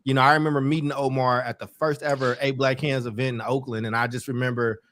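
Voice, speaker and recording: A man hosting a podcast in casual chat, warm and effusive, often repeating and stumbling over words. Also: medium pitch, little pitch movement, quick pace, a little hiss or hum. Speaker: podcast host.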